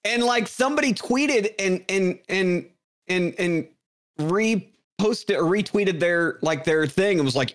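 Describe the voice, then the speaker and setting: A man in casual podcast banter, animated and profane, joking and putting on silly voices. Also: high-pitched, measured pace.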